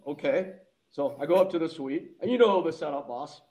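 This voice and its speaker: A man's voice: fairly high pitch, a little fast, poor audio. A man telling a story in casual chat, laughing often and acting out the people he quotes. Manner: animated, laughs often, acts out quoted lines.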